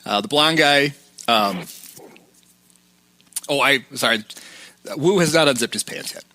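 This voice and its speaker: A man's voice: mid-range voice, unhurried, bright, forceful tone, dry recording. Man recapping a film on a podcast. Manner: recaps the plot and acts out quotes. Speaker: podcast co-host. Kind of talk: casual film-discussion podcast.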